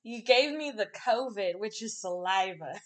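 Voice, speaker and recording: High-voiced woman, giggly and crude. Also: very animated, slow pace, fairly bright tone. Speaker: podcast host. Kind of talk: casual chat.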